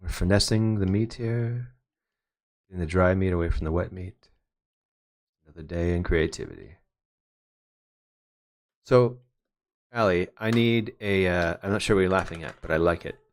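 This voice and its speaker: A very deep-voiced man in his thirties talks loosely as he works at his desk, drifting from topic to topic with dry jokes. Keyboard typing clicks in the background. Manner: rambling, joking asides. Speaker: photographer doing a livestream. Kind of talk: casual chat while working.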